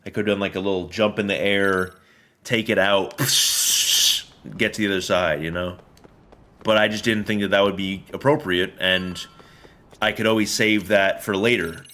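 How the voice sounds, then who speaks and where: A man's voice: low voice, fairly even intonation, measured pace, bright, forceful tone. A man streaming a video game, rambling through casual commentary full of jokes and swearing. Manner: joking, profane, rambling.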